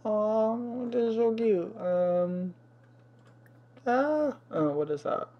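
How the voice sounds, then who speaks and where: A man's voice: sits high, lively intonation, slow pace, gravelly, lo-fi sound. A young man hosting a life-sim let's play in casual commentary, chatty and fussy, exclaiming often and scolding the game's pets.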